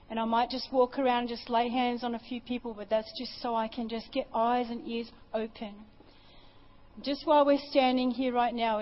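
A woman's voice: on the high side, highs cut off. A woman preacher giving an impassioned sermon and testimony at a church service, often repeating her phrases.

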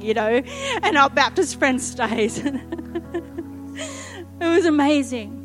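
A middle-aged woman preaches in a high voice, telling a lively, funny story and acting out each quote. Faint music plays underneath her. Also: slow, pauses often. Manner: lively, humorous, acts out quotes. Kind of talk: sermon storytelling.

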